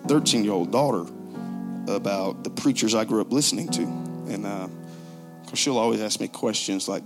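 A man in his forties preaching a sermon in a joking, conversational way, low on strength and not raising his voice. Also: normal speed, over music. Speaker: pastor.

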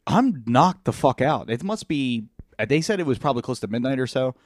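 A man hosting a podcast, telling a crude story in casual, animated chat. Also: medium pitch, brisk, no room sound, clean studio sound. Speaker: podcast host.

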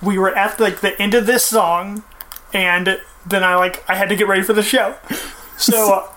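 A woman's voice: mid-range voice, fairly even intonation, moderate pace, a bit bright. Laughing young woman in casual chat. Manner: laughs often, incredulous reactions. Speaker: podcast co-host.

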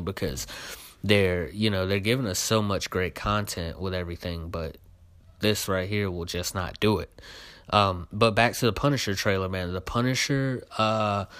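A man's voice: deep voice, a bit bright, clean tone, no echo. A young man hosting his own show, giving a casual spoken review of a trailer, full of fillers and heated complaints.

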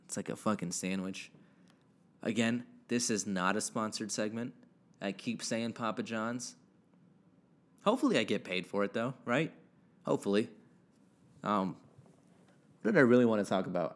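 A young man with a fairly low voice rambles through a casual solo podcast at home. He jokes at his own expense, swears freely, and drifts from topic to topic. He talks close into a home podcast mic with the gain turned up. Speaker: podcast host. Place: house alone with his dog.

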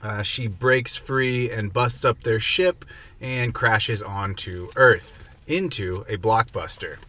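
A man's voice: fairly low pitch, takes it slowly. A man hosting a podcast, chatting casually and summing up a movie plot from his notes. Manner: relaxed, summarizing a plot from notes. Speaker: podcast host.

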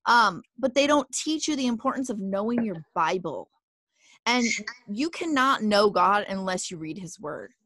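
A woman's voice: mid-range voice, animated, moderate pace, a bit bright, no room sound. A woman hosting a podcast, sincere and affirming as she talks. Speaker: podcast host. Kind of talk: candid podcast conversation.

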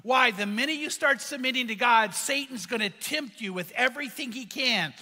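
High, bright-voiced preacher in a hall. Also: male voice, normal speed. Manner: earnest, conversational preaching with rhetorical questions. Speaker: pastor. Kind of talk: sermon.

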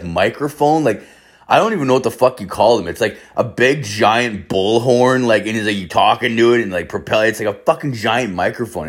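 A young man from Ireland telling a rambling, swear-filled party story in casual chat, acting out quotes with sudden jumps in pitch. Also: slightly rough. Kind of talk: casual anecdote, heavy swearing.

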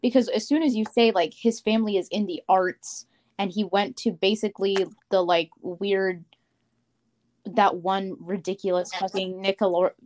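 A woman's voice: mid-range voice, steady tone, normal speed, a little mellow. Young female co-host, blunt and argumentative, casual speech. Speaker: podcast co-host. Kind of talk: casual chat.

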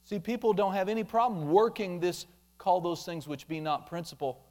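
A man preaching a sermon, animated, acting out quoted complaints in mocking voices. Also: high-pitched, normal speed. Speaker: pastor.

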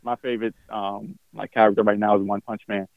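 A man's voice: fairly low pitch, flat delivery, brisk, vocal fry, no echo, narrow, tinny audio. A man on a podcast as a guest, talking casually and hesitantly with a lot of "like" and "um". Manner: hesitant, many "like" and "um" and restarts.

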